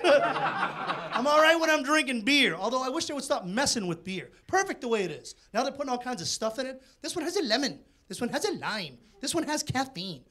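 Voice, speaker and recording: A man from doing a brash, fast-talking stand-up comedy set on a TV studio stage. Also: very high-pitched, very animated, heavy background noise. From Boston, USA. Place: TV studio stage with live audience.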